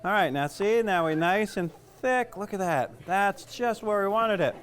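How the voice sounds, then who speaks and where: Chatty Southern chef, rambling and playful. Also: male voice, high-pitched, animated, moderate pace, a bit bright, a little hiss or hum. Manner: chatty, rambling, self-joking. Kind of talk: casual cooking demonstration.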